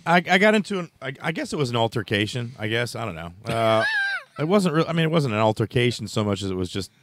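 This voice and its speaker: A man's voice: mid-range voice, big pitch swings, quick pace, background noise. A man telling a story in casual chat, rambling with restarts and laughing as he goes.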